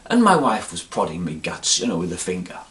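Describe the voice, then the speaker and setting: Middle-aged man, pompous rambling comic monologue, low and lively delivery. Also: fairly quick. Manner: rambling, pompous, keeps saying "you see". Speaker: comedic monologue performer.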